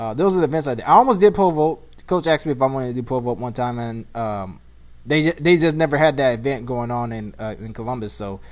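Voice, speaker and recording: Rambling young man, fairly high voice. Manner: rambling, laughs at himself, gets worked up. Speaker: vlogger. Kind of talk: casual chat.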